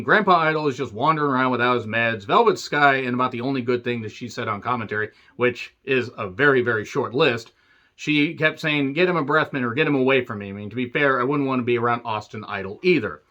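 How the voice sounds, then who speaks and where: A man's voice: mid-range voice, bright, forceful tone, muffled recording. A man giving a casual solo review of a wrestling show, sarcastic and rambling, swearing freely.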